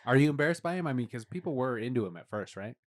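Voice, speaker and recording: A man's voice: medium pitch, animated, racing. A man hosting a podcast, teasing his guest and joking through a casual interview. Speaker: podcast host. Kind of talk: casual chat.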